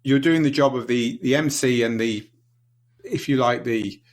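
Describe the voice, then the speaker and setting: A man of middle pitch hosting an interview. He frames long questions thoughtfully, circling and hedging as he searches for the right words. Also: normal speed. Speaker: interview host. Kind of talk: casual interview.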